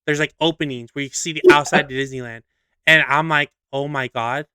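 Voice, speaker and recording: A young man co-hosting a podcast, telling a story in a lively, casual way, swearing freely and acting out scenes. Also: on the high side, a little fast, clean tone, no room sound. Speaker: podcast co-host.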